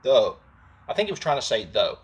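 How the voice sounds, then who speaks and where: A man's voice: mid-range voice, racing, breathy edge. A man hosting his boat-building video, explaining results casually and then teasing commenters with jokes. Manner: joking, teasing, animated. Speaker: host and jon boat builder. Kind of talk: casual how-to video talk with a comment roast segment.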